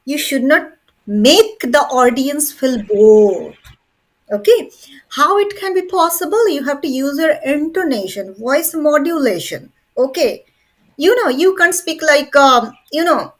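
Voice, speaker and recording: A woman's voice: sits high, animated, measured pace. A woman teacher, lecturing a class and stressing each point with repeated "okay" and "very important". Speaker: English teacher.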